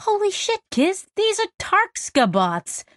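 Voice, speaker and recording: A woman's voice: very high-pitched, wildly swooping pitch, takes it slowly, dry recording, pitched above the performer's own voice, heavily acted. A woman reading a wry, exasperated young male crewmate in an audiobook, close to her own voice. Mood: incredulous. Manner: wry and incredulous.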